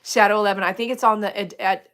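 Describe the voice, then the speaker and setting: A woman's voice: mid-range voice, fairly even intonation, fast talker, fairly bright tone. A woman in her forties talking casually on a livestream, giving earnest, emphatic advice in short repeated commands. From Texas, USA. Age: 40s. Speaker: livestream host and dog groomer.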